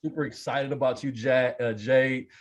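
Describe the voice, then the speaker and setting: A man's voice: mid-range voice, steady tone, normal speed. A man hosting a church leadership podcast, talking in enthusiastic, slangy casual chat. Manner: enthusiastic, slangy, restarts a lot. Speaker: podcast director and host.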